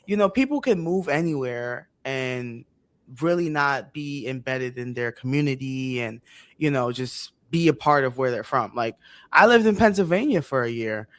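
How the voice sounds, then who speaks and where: A panelist who rants bluntly, swears and laughs through the talk. The voice is in the middle pitch range. The sound is dry and close. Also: expressive, moderate pace, fairly bright tone, no room sound. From Brooklyn, New York. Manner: blunt, ranting, laughing, profane. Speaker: podcast panelist. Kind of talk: casual roundtable chat.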